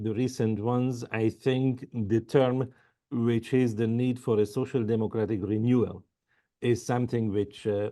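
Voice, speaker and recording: Halting, mellow-voiced male podcast host. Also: mid-range voice. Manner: halting, many filler sounds. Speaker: podcast host, foundation head. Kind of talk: podcast interview introduction.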